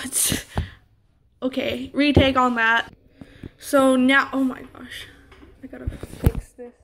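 A woman's voice: high-pitched, little pitch movement, takes it slowly, creaky, long pauses, fairly bright tone, slight background noise. A young woman filming a crafting vlog, flustered and laughing at her own slip-ups. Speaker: crafting vlogger. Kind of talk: casual blooper vlog.

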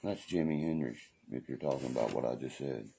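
Very deep gravelly man ranting on a livestream. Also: a little fast, warm tone. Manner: profane, repeats "you know what I mean"; defiant and preachy. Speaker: livestream host. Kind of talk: casual livestream rant.

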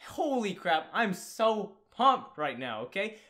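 A giddy teenage boy rambles in an excited home vlog, his high voice bouncing all over the place. He jumps from loud yelps to low mumbles and drifts away from his desk mic now and then. His tone stays bright and sharp throughout. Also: slow. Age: teens. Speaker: gaming YouTuber. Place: home room. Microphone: desk mic, sometimes far from it.

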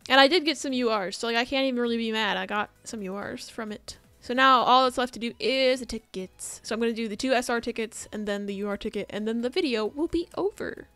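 A woman's voice: fairly high pitch, fast, hardly any pauses, a bit bright, no echo. A woman doing casual commentary on her game pulls, chatty, begging for good luck and swearing when it fails. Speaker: gaming YouTuber. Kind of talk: casual gacha pull commentary.

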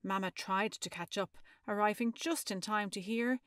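A woman reading a children's picture book aloud as a storyteller, expressive and stopping to ask the listener maths questions. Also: mid-range voice, moderate pace, dry recording, clean studio sound.

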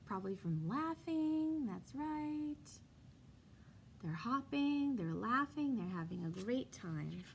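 Reading a picture book to young kids, this young kindergarten teacher speaks slowly and expressively in a high-pitched, gravelly voice. She asks the children questions, supplies the answers herself, and drifts into chatty asides over slight background noise.

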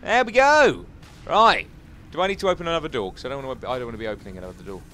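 A man giving jokey, excitable commentary as he plays a video game, chatting to his viewers and taunting enemies. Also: mid-range voice, rapid-fire. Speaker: gaming YouTuber. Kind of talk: casual Let's Play commentary.

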